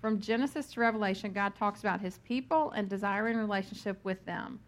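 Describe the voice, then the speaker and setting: Woman, Bible study teacher, scripture reading then chatty teaching; laughs easily, lots of ums, mid-pitched voice. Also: fairly quick. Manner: chatty and personal, laughs at her own stories, many ums.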